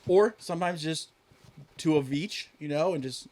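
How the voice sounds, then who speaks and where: A young man with a fairly high voice, trading crude, teasing jokes as co-host of a casual comedy podcast. He swears often and keeps the banter loose and joking. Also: normal speed, darkish tone, a little hiss or hum.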